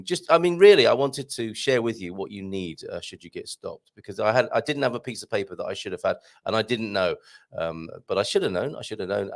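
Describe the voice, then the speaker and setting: A hoarse man hosting a live morning show, chatting and joking in a rambling way. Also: on the low side. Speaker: host. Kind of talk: casual live-stream chat.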